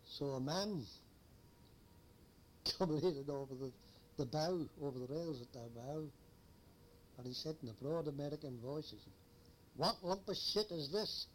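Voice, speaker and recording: A man's voice: mid-range voice, normal speed, pauses often, slight background noise. An older man, a former lighthouse keeper telling a rambling old story with chuckles. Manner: rambling, chuckling anecdotal teller. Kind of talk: oral history storytelling.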